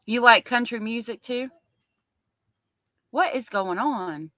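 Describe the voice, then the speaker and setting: A woman's voice: a little high, slow pace, pushed and bright, no echo, low-quality recording. Chatty woman livestream host. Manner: chatty, reads viewer comments aloud. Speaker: livestream host covering a trial. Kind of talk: casual livestream chat with viewers.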